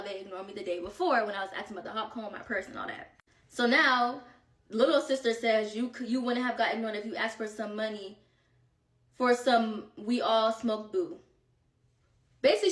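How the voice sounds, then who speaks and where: Young woman vlogger, brisk slangy storytime telling, highish voice, roomy sound from off the mic; good for a chatty gossip read. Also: distant mic. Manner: animated, slangy, quoting texts in voices. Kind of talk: casual storytime chat.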